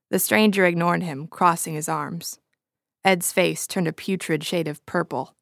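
A woman reading a story aloud with expressive, dramatic narration. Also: fairly low pitch, a little slow, gravelly, no room sound, clean studio sound.

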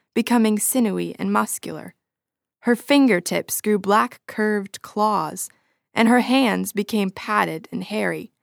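Woman storyteller, expressive read-aloud, dry close mic. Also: medium pitch, gravelly, dry recording. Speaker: narrator.

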